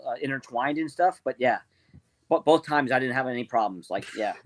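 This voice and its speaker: A man's voice: mid-range voice, animated, a little fast, no echo. A man in a casual podcast chat, laid-back and chatty, swearing now and then.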